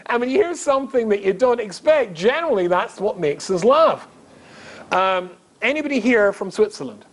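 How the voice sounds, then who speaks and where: A middle-aged man from Scotland, a rabbi giving a humorous storytelling talk, chatty and self-mocking, asking the audience questions. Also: sits high. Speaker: rabbi, guest speaker.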